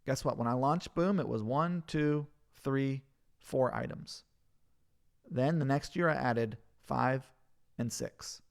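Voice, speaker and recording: A man's voice: medium pitch, takes it slowly, vocal fry. A man hosting a casual live Q&A, reviewing viewers' pages and answering their questions in a loose, jokey, sometimes profane way. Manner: reads questions aloud and reviews pages on screen.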